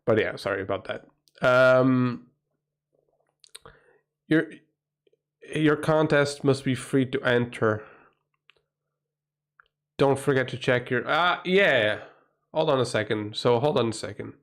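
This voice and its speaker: A man's voice: mid-range voice, slow, long pauses. A man from Portugal with a Portuguese accent, a livestream host in a rambling, profane, casual chat who often breaks into exclamations.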